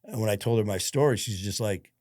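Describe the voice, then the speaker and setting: A man's voice: on the low side, quick pace, a little mellow, no echo, studio quality. Blunt, profane man telling his story. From Detroit, USA. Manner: blunt, profane, retells events with quoted dialogue. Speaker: podcast guest. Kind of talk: casual interview storytelling.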